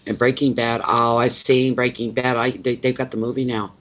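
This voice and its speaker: A man's voice: medium pitch, flat delivery, moderate pace, few pauses, fairly bright tone. A man from Canada, a tarot reader chatting casually with viewers on a live stream, rambling and repeating himself as he greets people by name. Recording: slightly dull lo-fi audio.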